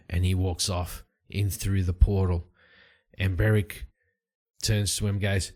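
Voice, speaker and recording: A man casually narrating his solo tabletop roleplaying game from his home study, relaxed and rambling. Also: low voice, a little slow. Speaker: solo tabletop game player and channel host.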